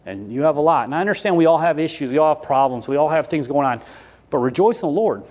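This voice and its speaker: A man preaching a sermon in a folksy, repetitive way, switching between loud emphasis and quiet asides. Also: on the high side, lively intonation, fast talker. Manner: folksy, repeats himself with restarts.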